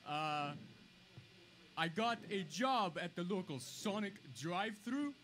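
A man playing a sheepish recovering male vampire in a comedy sketch, halting and fumbling for words. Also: sits high, lively intonation, a bit bright, slight background noise, heavily acted.

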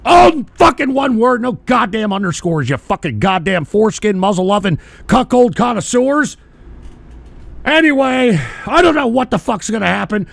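Gravelly, high-pitched man ranting loudly. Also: animated, moderate pace, dry recording. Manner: shouting, profane, exasperated. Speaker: radio show host. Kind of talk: angry on-air rant.

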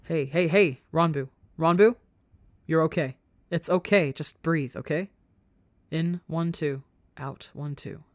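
A steady young man from a story reading speaks gently and evenly, as a woman puts him on. Her low voice stays level and close, with a dry sound. He never rises to anger. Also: takes it slowly, no echo. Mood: soothing. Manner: gentle and soothing. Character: calm, steady young man, worried friend.

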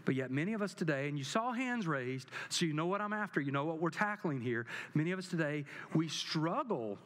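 Male pastor preaching, high voice, keeps repeating lines for punch, big echoey church hall. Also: animated, fairly quick, a bit bright. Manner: preaching with rising emphatic repetition. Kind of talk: sermon. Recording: long hall reverb.

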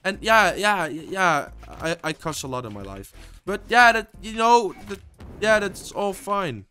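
A man giving live gameplay commentary. He swears constantly and swings between muttering and loud frustrated outbursts. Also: high-pitched, very animated, measured pace, clean tone. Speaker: gaming video creator.

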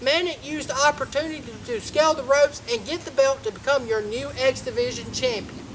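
A high-pitched man hosts a loose home-made wrestling recap. He rambles from point to point, cracks jokes and talks over his partner. Faint noise sits under his voice. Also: steady tone, a little fast. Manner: rambling, keeps saying anyway and ladies and gentlemen. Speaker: host of a wrestling review show. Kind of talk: casual show recap.

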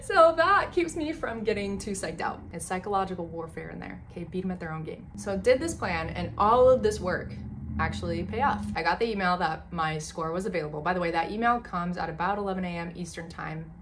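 A woman's voice: lowish voice, fairly quick. Chatty young woman vlogger, faint background noise. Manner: chatty and animated, with lots of fillers and voiced asides. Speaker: medical student vlogger. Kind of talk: casual storytelling to camera.

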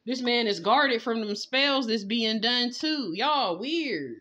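A woman's voice: a little high, expressive, slow pace, bright, forceful tone, slight background noise. Profane, scolding tarot reader woman. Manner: blunt, profane, scolding, laughs often. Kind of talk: casual spoken tarot reading. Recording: slightly dull lo-fi sound.

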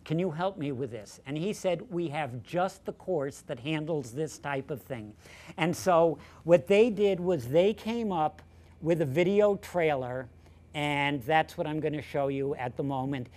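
A man's voice: fairly high pitch, unhurried, a little mellow. Older guy professor rambling through a funny anecdote, lightly self-mocking. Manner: chatty, self-deprecating storytelling. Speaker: professor giving a colloquium talk. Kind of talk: anecdotal lecture.

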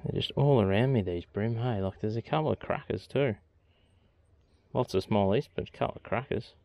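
A man's voice: fairly low pitch, moderate pace, gravelly, no echo, dull audio. An Australian man on a boat outdoors, giving casual, chatty commentary as he fishes and talks to the fish he catches. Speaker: fishing vlogger.

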